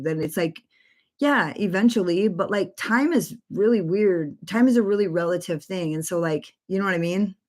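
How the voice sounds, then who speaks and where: A woman's voice: medium pitch, animated, moderate pace, darkish tone. A woman in her forties chatting casually on a makeup livestream from her bedroom, rambling with lots of fillers and free swearing. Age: 40s.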